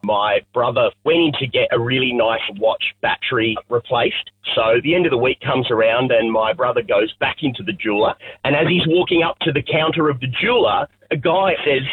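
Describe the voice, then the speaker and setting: A man's voice: medium pitch, moderate pace, slightly rough, dry recording. A man calling in to a radio show and plainly telling a story about his brother. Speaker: caller. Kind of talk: phoned-in anecdote. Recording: tinny phone line.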